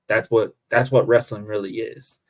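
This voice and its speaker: A man's voice: lowish voice, steady tone, normal speed. A man, a pro wrestler guesting on a podcast, chatting casually and enthusiastically, rambling and often saying "man.".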